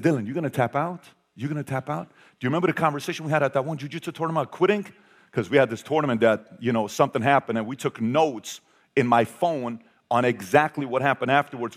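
Animated man telling a story onstage. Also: medium pitch, breathy edge. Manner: animated storytelling, swings from loud to hushed. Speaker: speaker. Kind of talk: motivational talk to an audience.

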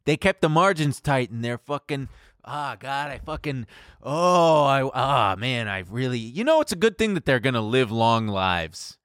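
A man's voice: mid-range voice, normal speed, dry recording, clean studio sound. A man co-hosting a podcast, ranting with heavy sarcasm and a lot of swearing. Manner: sarcastic, profane, animated. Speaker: podcast co-host. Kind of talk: sarcastic casual chat. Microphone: studio microphone.

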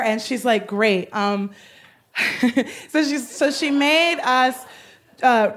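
Excitable woman telling a comic story. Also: a little high. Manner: excitable, laughing, rambling with fillers. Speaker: podcast host. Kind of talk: comedic storytelling.

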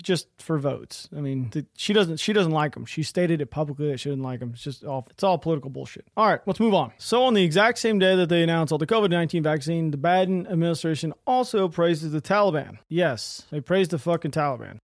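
A man talks through his own political podcast at a rapid clip, his voice sitting slightly high for a man. He is blunt and heated, swearing freely and restarting sentences as he rambles. The sound is close and dry, with no room around it. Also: expressive, dry recording. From United States. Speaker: podcast host. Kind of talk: solo political commentary podcast.

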